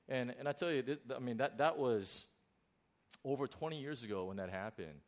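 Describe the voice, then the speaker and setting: Middle-aged guy pastor telling a story from the pulpit, animated, keeps restarting. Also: mid-range voice, brisk. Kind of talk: sermon testimony.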